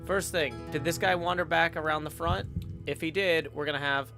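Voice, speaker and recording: A man's voice: a little high, fairly even intonation, moderate pace. Playful man narrating his gameplay. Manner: playful, explains the game as he plays. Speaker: game streamer host. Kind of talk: casual gameplay commentary. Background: game music.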